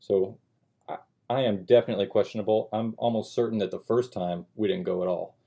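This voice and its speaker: A man's voice: lowish voice, steady tone, fairly quick, gravelly, mellow. A man hosting a podcast, chatting casually and telling a rambling story with acted-out bits of dialogue. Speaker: podcast host. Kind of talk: casual chat.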